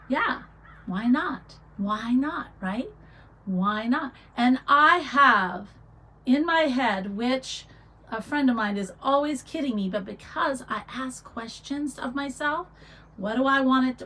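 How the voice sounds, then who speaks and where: A middle-aged woman hosting a casual livestream, chatting and reading viewer comments aloud with warm encouragement. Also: high-pitched, low-quality recording. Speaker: livestream host.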